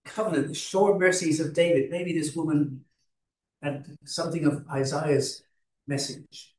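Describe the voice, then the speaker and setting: A man preaching a sermon, unhurried, with frequent restarts and fillers. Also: fairly high pitch, steady tone, distant mic. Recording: roomy hall, voice from off-mic.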